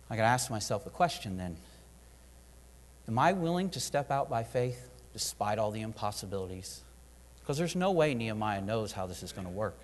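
A man preaching a sermon, animated, acting out prayers and dialogue in different voices. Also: medium pitch. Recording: long hall reverb.

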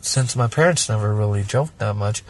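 Man, from Germany, husky voice, profane rambling storyteller, casual talk. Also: on the low side, moderate pace. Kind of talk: casual podcast chat.

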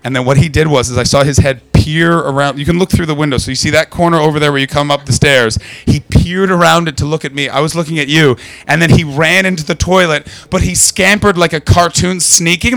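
Canadian male stand-up, crude and loud crowd work, club set. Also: fairly high pitch, brisk, creaky, few pauses, dry recording. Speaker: stand-up comedian. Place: comedy club.

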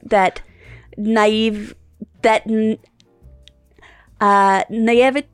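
A woman co-hosting a podcast in casual chat, thinking aloud in a halting way and often rephrasing herself. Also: fairly high pitch, fairly even intonation, clean tone, no room sound, soft background music. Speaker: podcast co-host.

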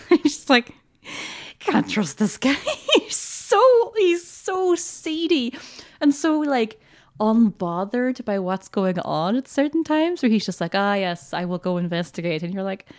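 A woman's voice: sits high, very animated, slow pace. A woman co-hosting a podcast, chatting enthusiastically about a film with frequent laughter. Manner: chatty and enthusiastic, laughs often, many fillers. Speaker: podcast co-host. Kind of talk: casual film discussion.

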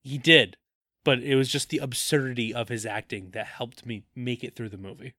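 A man's voice: mid-range voice, fairly even intonation, moderate pace, bright, forceful tone, no room sound. A man co-hosting a podcast in casual chat, making dry, wry jokes. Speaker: podcast co-host.

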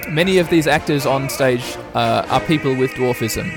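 A man giving rambling, excitable live reaction commentary with lots of fillers. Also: medium pitch, normal speed, few pauses. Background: opera music.

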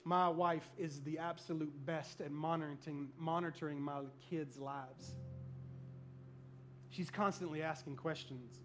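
A middle-aged man preaching a sermon to a church congregation, telling stories in an animated, comic way. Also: fairly high pitch, unhurried, soft background music. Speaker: pastor. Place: church service before a congregation.

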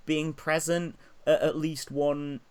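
A man's voice: a little high, level tone, slow pace, smooth. A man co-hosting a podcast, rambling and sweary in casual political chat, full of fillers. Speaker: podcast co-host.

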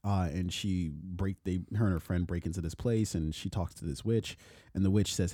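A man's voice: low voice, fairly even intonation, normal speed, warm tone, no room sound, studio quality. A man co-hosting a podcast in a loose, casual chat, swearing freely and laughing often. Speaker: podcast co-host.

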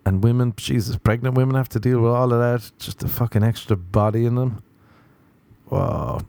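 Gravelly-voiced man rambling crude jokes. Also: mid-range voice, steady tone, normal speed, dark tone, dry recording. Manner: rambling, crude, self-mocking. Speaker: podcast host. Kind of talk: solo comedic monologue.

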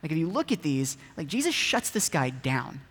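A man's voice: on the high side, big pitch swings, moderate pace, a bit bright, breathy edge. A man preaching a casual, conversational sermon, often asking his listeners rhetorical questions. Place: church hall. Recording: echoey hall with long reverb.

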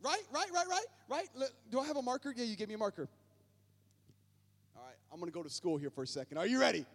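A male pastor preaching a lively sermon to his church, often calling out to the congregation. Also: high-pitched, fast talker. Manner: energetic, calls on the congregation often. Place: church sanctuary.

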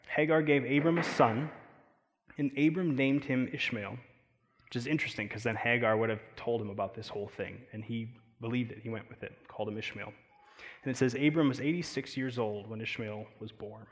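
A man with an American accent preaching a sermon, talking in a conversational, animated way with frequent fillers and asides. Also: mid-range voice, long reverb tail. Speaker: pastor.

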